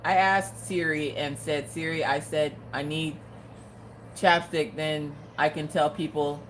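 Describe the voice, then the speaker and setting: A woman's voice: low voice, fairly even intonation, unhurried, slight background noise. A woman hosting a casual live crafting stream, chatty and joking, laughing often.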